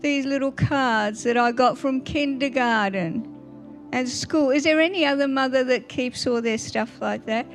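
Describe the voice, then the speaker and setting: A woman's voice: high-pitched, measured pace, faint music behind. An older woman, telling family stories in a Mother's Day church talk and often asking the congregation questions. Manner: warm storytelling with little laughs, asks the audience questions. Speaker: guest speaker at church.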